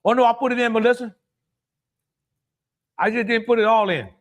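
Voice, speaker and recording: High-voiced Louisiana man cooking live. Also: steady tone, brisk. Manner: chatty, exclamatory, greets viewers and laughs often. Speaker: cooking show host. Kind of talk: casual live cooking stream.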